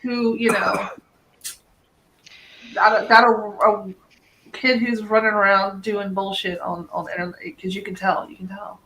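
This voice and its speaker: A woman's voice: medium pitch, level tone, unhurried, pauses often, bright, forceful tone, poor audio. Woman, casual voice chat, teasing, swears a lot, faint background noise.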